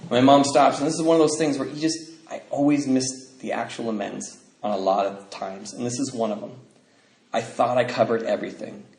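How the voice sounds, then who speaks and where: A man's voice: mid-range voice, steady tone, fairly quick, gravelly, darkish tone. Man sharing his story in an echoey hall. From United States. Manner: storytelling, acts out quoted voices, laughs often. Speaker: recovery meeting speaker. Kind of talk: personal testimony talk. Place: convention hall. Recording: roomy hall sound, faint noise.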